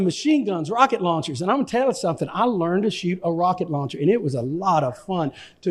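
A man from Texas, a pastor telling an animated, self-deprecating story with stammering restarts. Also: high-pitched, in a large hall. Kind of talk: anecdotal storytelling in an interview.

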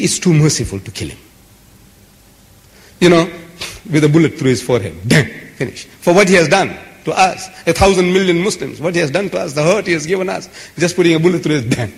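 Animated man lecturing in an echoey hall. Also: a little high, fast talker. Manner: emphatic, repetitive, building lists. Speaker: public speaker. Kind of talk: impassioned lecture to a live audience.

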